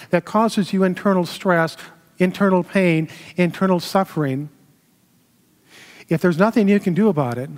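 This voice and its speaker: A man minister giving a sermon, telling a story in a slow, measured way with pauses. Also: sits high, a little mellow. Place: temple sanctuary. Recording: long hall reverb.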